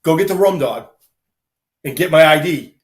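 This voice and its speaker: A man, casually telling lively army anecdotes on a live talk show and acting out the people he quotes. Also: on the high side, moderate pace. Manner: animated anecdotes, acts out quoted people, laughs often. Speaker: guest storyteller, army veteran.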